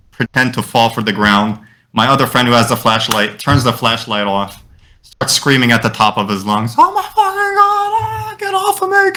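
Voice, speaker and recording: A man co-hosting a podcast, telling a story in a lively, casual way, swearing freely and slipping in Arabic phrases. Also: lowish voice. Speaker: podcast co-host.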